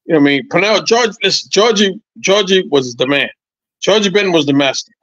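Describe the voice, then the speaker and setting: A man in his sixties, a former boxer, telling animated, profane stories as a podcast guest, repeating his points. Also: high-pitched, brisk, no room sound, muffled recording. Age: 60s. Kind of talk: casual podcast chat.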